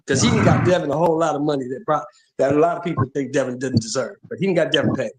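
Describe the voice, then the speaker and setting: A man's voice: a little high, fast talker, rough recording. A man co-hosting a boxing talk show, speaking emphatically and agreeing with the host.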